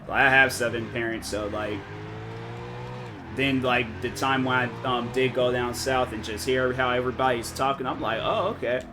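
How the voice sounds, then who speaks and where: A man's voice: mid-range voice, little pitch movement, normal speed. A man streaming and chatting casually, rambling with lots of filler words and restarted sentences. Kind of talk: casual chat on a live stream. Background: game music.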